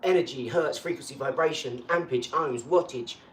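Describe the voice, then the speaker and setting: A man talking in a casual live chat, rambling and boastful, breaking into animated rants. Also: mid-range voice, fairly quick. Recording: echoey room, far from mic, faint hum.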